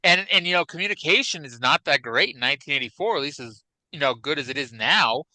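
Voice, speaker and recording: A man co-hosting a podcast, chatting casually about classic wrestling in an animated, rambling way with many restarts. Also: a little high, fast talker, no echo, rough recording. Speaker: podcast co-host.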